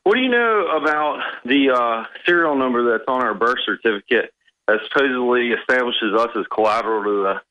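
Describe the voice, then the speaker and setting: A man's voice: medium pitch, animated, a little fast, dull audio. A man calling in to a radio show, talking hesitantly with many fillers. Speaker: caller. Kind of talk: casual call-in chat.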